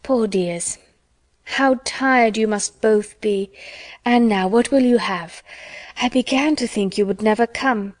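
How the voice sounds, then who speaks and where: A woman's voice: fairly high pitch, takes it slowly, no echo. A woman voicing an anxious, fussy middle-aged mother in an audiobook, chattering on in worry. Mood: fretful. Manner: fretful, chattering.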